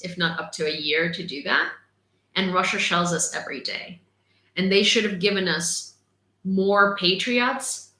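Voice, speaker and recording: A woman's voice: on the low side, bright, forceful tone. A young woman from Ukraine, hosting a casual news livestream, talking indignantly with lots of fillers. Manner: indignant, talkative, many fillers. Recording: echoey room.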